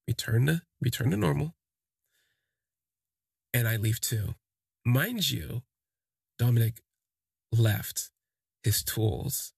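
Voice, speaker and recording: Gravelly man rambling through a story. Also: mid-range voice, dry recording, clean studio sound. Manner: rambling, full of "like" and "you know". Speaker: podcast storyteller. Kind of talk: casual first-person storytelling.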